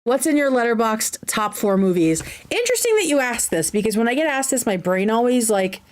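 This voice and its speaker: A woman's voice: on the high side, sing-song, brisk, slight background noise. A woman hosting a casual livestream Q&A at her computer. She reads viewer questions aloud and answers them in a chatty, enthusiastic way that drifts into tangents. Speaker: livestream host.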